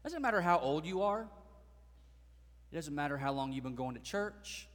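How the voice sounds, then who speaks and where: A man preaching a sermon as pastor, swelling into dramatic, loud passages and acting out voices from the stories. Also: fairly high pitch, animated, moderate pace, long reverb tail.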